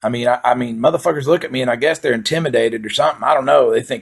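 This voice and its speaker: A man's voice: mid-range voice, rapid-fire, gravelly, hardly any pauses, slightly rough. A man delivering a rambling, profane comedic monologue in a laid-back storytelling way. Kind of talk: stand-up style comedic monologue.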